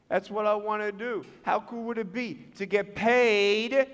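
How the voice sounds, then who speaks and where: A man giving a storytelling speech to students as a motivational speaker, animated and acting out the dialogue in different voices. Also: sits high, unhurried, smooth. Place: large school hall with an audience. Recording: echoey hall reverb.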